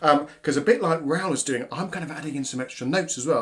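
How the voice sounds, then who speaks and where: A man's voice: a little high, fast, loud music behind the voice. A man hosting a live online drumming workshop from home on a webcam, chatty and cheerful, counting rhythms aloud. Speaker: workshop facilitator and host. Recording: drums heard behind.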